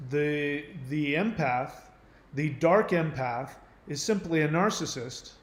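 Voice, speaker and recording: Earnest man talking in a roomy echo. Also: a little high. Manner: earnest, emphatic, acts out quoted voices. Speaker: channel host. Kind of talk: explanatory monologue.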